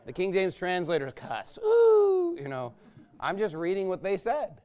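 A man's voice: high-pitched, expressive, normal speed. A male pastor preaching a fiery sermon in a combative, sarcastic way, mocking imagined critics.

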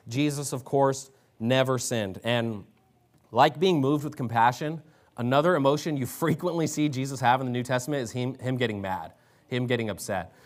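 Man, pastor, fervent sermon, reads scripture aloud, slightly high voice.

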